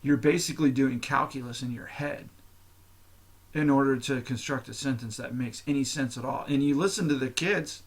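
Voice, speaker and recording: A man's voice: mid-range voice, moderate pace. A man with a middle-range voice talks alone on his podcast, loose and unscripted. He rambles, restarts his sentences, swears freely and laughs at his own asides. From United States. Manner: rambling, profane, laughing at himself. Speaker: podcast host. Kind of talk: unscripted casual monologue.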